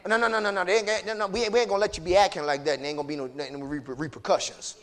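A male preacher, his voice high and bright. He moves from quiet, low asides to shouted peaks. Along the way he acts out scripture dialogue in different voices. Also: fast, few pauses. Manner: acts out dialogue between God and Hosea in character. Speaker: pastor. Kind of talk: sermon.

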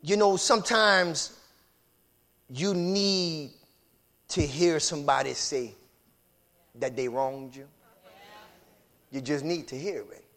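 A man preaching a sermon, swinging between shouted whooping and low, hushed talk. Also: takes it slowly, vocal fry, pauses often.

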